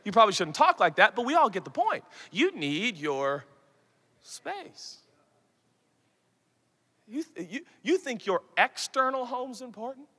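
Male pastor, 30s, high bright voice, animated stage sermon with shouts and hushed asides. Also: a little slow, long pauses, husky. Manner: animated, shifts from loud shouts to soft asides, acts out quoted voices. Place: large conference hall. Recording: long hall reverb.

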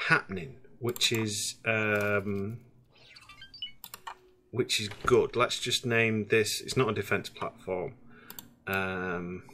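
A man's voice: lowish voice, pushed and bright, a little hiss or hum. A man giving casual, rambling let's-play commentary on a space game, full of hesitations. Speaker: gaming streamer.

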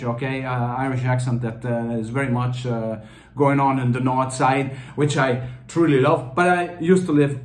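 A man talks through a fragrance review in a loose, rambling way, stopping and restarting often. His voice sits at an ordinary pitch. The room around him rings with noticeable echo. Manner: rambling, chatty, frequent fillers and restarts. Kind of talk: casual video review. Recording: roomy echo.

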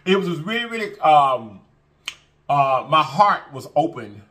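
Lively, bright-voiced man preaching to viewers. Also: on the high side, measured pace. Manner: emphatic and repetitive, preachy, drawling fillers. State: full after a meal. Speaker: mukbang vlogger. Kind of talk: casual heart-to-heart talk to viewers.

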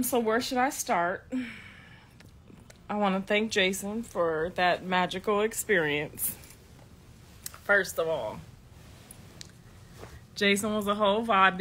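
Bright-voiced woman telling a story. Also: mid-range voice. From Ohio, United States. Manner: animated, profane, laughs often. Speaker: vlogger. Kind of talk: casual storytelling.

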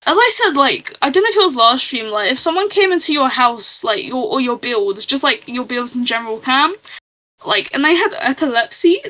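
A woman's voice: high-pitched, animated, fairly quick, bright, forceful tone, poor audio. A woman live-streaming a game, chatting casually and giggling as she reads out her chat.

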